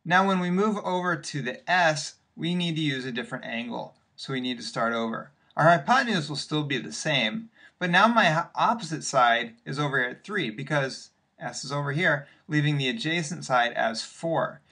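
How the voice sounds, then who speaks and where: A man's voice: a little high, lively intonation, normal speed, few pauses, sharp tone. A male math teacher walking patiently through worked examples in a recorded lesson, step by step with occasional fillers.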